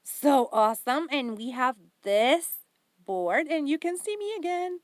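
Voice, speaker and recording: A woman's voice: high-pitched, animated, unhurried, no echo, studio quality. A woman hosting a craft haul vlog, gushing and giggling with enthusiasm over each item. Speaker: craft channel host.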